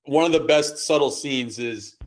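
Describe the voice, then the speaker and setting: A man's voice: medium pitch, normal speed. A man in casual podcast chat, laid-back and rambling. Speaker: podcast guest.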